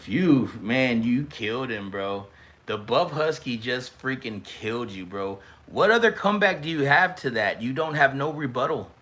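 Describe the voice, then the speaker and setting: A young man hosting a live stream, teasing and reacting in a loose, excitable way. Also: medium pitch, moderate pace. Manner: excitable, teasing, shouts and stretches words at big moments. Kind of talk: casual live-stream commentary.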